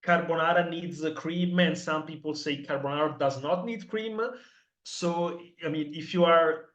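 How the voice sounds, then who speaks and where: An Italian man with a clear accent, speaking English as his second language. He answers slowly, filling the gaps with uh and um while he looks for words. His audio sounds dull and lo-fi. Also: on the high side, fairly bright tone. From Italy. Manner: hesitant, many fillers, searches for words. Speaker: podcast guest. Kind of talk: casual interview.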